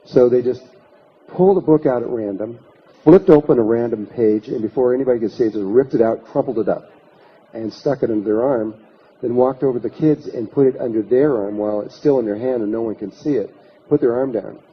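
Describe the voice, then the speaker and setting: In this dull, lo-fi clip, a workshop speaker tells a drawn-out anecdote in a mid-range, slightly rough voice that moves a little fast. He performs the quoted lines of the people in his story and restarts often, turning the session into a storytelling lecture.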